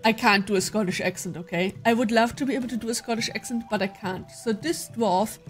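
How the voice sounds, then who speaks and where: A woman's voice: a little high, brisk, soft background music. A woman playing a story game, reading its narration aloud and adding chatty asides of her own. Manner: chatty asides between read-out passages. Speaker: game player. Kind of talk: let's play commentary, reading game text aloud.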